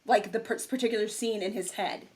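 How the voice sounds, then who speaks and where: A woman's voice: medium pitch, brisk. A young woman co-hosting a casual podcast, telling a story with lots of acted-out quotes. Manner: animated storytelling, acts out quotes. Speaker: podcast co-host. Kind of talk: casual chat.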